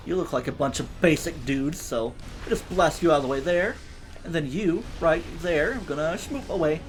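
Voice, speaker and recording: A man streaming a game live, rambling playfully with jokey asides and reading in-game text aloud, a little far from his mic. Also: on the high side. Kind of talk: live let's-play commentary. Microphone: a bit far from the mic.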